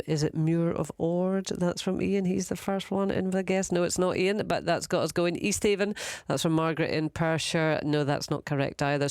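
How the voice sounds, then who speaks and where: Smooth-voiced woman radio presenter. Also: low-pitched, darkish tone, no room sound, studio quality. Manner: friendly, laughs easily, slow measured announcements. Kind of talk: live radio chat show. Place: radio studio. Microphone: studio microphone.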